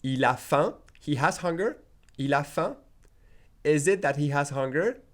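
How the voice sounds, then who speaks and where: A man's voice: fairly high pitch, expressive, a little slow, fairly bright tone. A man teaching in a casual video lesson, repeating example sentences and checking in with "okay?" and "d'accord?" as he goes. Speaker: French teacher.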